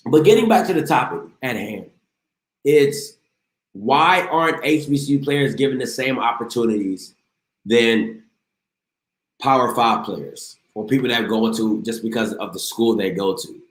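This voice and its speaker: A man's voice: medium pitch, expressive, unhurried. A man hosting a casual call-in show, talking in a laid-back drawl with frequent exclamations. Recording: roomy echo.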